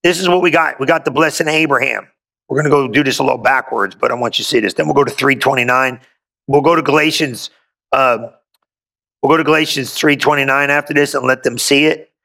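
Gravelly, bright-voiced exuberant preacher man. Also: mid-range voice, fast talker. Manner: exuberant preaching, reading scripture aloud with call-and-response asides. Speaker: pastor. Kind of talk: sermon.

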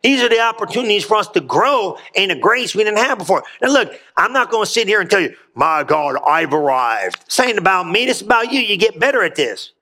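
High, bright-voiced preacher exhorting a congregation. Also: male voice, expressive, quick pace, few pauses. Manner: emphatic call-and-response preaching. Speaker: pastor. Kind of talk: sermon. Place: church.

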